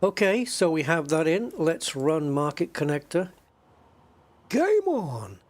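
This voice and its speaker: This man's voice sits on the high side and moves at a normal speed. Streaming a space game from his home desk with a joystick, he keeps up casual, chatty talk with his viewers, calling them "guys," musing out loud and humming to himself during waits.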